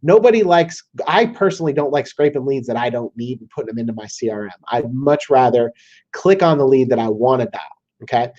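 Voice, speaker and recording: A man with a Southern American accent walking viewers through a software tool in a casual screen-share tutorial, often checking in with "okay?". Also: mid-range voice, animated, fairly quick. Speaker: software demo presenter. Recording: slightly dull lo-fi audio.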